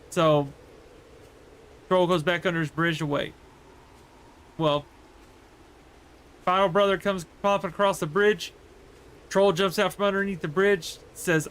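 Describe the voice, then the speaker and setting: A man's voice: a little high, moderate pace, fairly bright tone. A man livestreaming a game, chatting casually and rambling through a story with many fillers. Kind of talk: casual chat while gaming.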